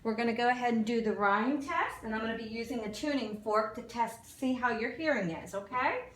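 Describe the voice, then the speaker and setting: Demonstrating a clinical exam, a nursing student talks through each step steadily and calmly, using fillers, in a fairly high voice at a fairly quick pace. The recording catches her from across an echoey room, with faint noise in the background.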